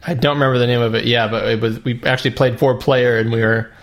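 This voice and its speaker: A man's voice: medium pitch, level tone, fast. A man co-hosting a casual retro gaming podcast, easygoing and joking, chatting about games with his co-host. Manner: easygoing, laughs often, joking asides.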